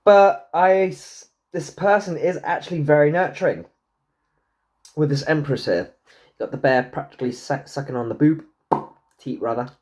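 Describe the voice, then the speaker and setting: A man giving a casual tarot reading to camera, swearing freely and joking with himself. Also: normal speed. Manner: chatty, swears freely, jokes to himself, talks back to the universe; lively pitch, swoops high into silly put-on voices. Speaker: tarot and numerology reader.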